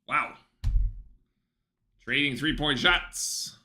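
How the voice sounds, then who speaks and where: A man at home giving casual, excitable live play-by-play commentary on a basketball game for his stream. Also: on the high side, very slow. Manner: chatty, excitable, breaks off to talk softly to his dog.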